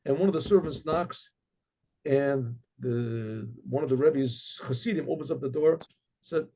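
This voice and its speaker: Gravelly rabbi telling a rambling story. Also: male voice, medium pitch, unhurried, dark tone. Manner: rambling, with frequent restarts and throat clearing. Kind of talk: casual oral storytelling. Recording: dull lo-fi recording.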